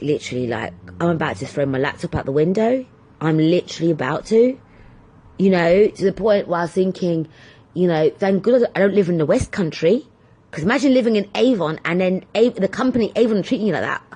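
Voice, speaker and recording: A woman's voice: fairly low pitch, slightly rough. A woman hosting her own podcast, telling a story in a chatty, blunt way, swearing freely and acting out both sides of the conversations. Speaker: podcast host. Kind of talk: casual storytelling monologue.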